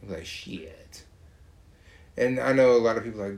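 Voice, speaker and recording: A man from Georgia, talking in a profane, mocking, animated casual rant. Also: mid-range voice, moderate pace, gravelly, long pauses.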